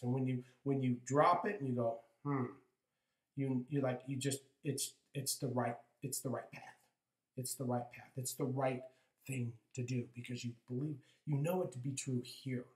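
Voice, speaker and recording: A man's voice: medium pitch, a little mellow. A man in his fifties giving a conversational motivational spiritual talk as a coach, often breaking off to ask "right?". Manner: conversational, with frequent "right?" asides and restarts. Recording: echoey room.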